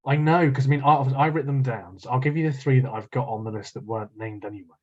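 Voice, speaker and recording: A man chats and laughs easily, swearing now and then. His voice is a little husky. The recording sounds dull and lo-fi. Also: medium pitch, fast talker. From English Midlands. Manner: laughs often, swears casually. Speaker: podcast co-host. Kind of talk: casual chat.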